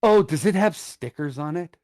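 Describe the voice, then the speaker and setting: A middle-aged man, co-hosting a podcast, tells an animated, profane story in casual chat. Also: fairly high pitch, normal speed, no echo, studio quality. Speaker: podcast co-host.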